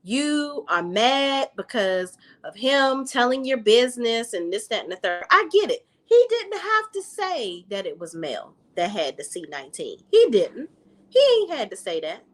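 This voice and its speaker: A woman giving a casual, sassy recap of a reality TV episode, telling the story in lively slang. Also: a little high, unhurried, hardly any pauses. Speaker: recap vlogger.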